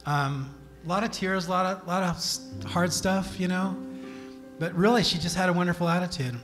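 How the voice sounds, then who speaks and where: A man speaking as pastor in a church, sharing memories softly and reflectively, with many fillers. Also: sits high, fairly even intonation, normal speed. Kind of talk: eulogy-style sharing from the pulpit. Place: church sanctuary. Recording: live church stream with music behind. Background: guitar playing.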